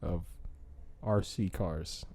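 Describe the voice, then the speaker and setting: A man's voice: deep voice, steady tone, extremely slow, a little mellow. A young man co-hosting a casual podcast chat, rambling and laughing as he acts out silly quoted voices. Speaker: podcast co-host.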